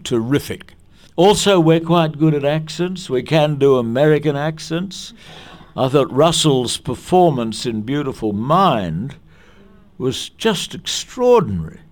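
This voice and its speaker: An older Australian man, a veteran actor, reminiscing in an interview with a chatty, anecdotal manner, restarting phrases as he goes. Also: mid-range voice. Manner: anecdotal and chatty, with restarts and quotes acted out in other voices.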